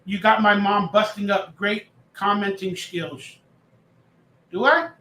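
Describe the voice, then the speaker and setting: A man's voice: sits high, steady tone, slow, pushed and bright, reverberant. A man hosting a casual live stream, chatting loosely, reading out viewer comments and joking as he rambles. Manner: chatty, reads chat aloud, jokes and rambles. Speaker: livestream host.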